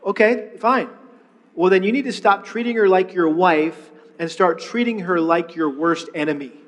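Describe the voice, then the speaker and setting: Preaching about marriage at an ordinary pace, a high-voiced male pastor keeps his delivery easygoing and conversational, often repeating words when he begins a sentence again. The sound echoes with the long reverb of a big hall.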